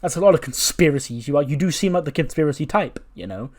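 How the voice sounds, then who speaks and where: A man's voice: fairly high pitch, animated, fast, a little mellow. A man voicing a friendly male wrestler who plays dumb with chummy, feigned innocence. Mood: innocent.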